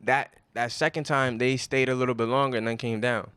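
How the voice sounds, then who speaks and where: Fast-talking New man, a podcast co-host spinning profane work stories. His voice is smooth and clear, the sound dry and close. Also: mid-range voice, no echo. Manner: profane, animated storyteller with slang. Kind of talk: casual chat, storytelling.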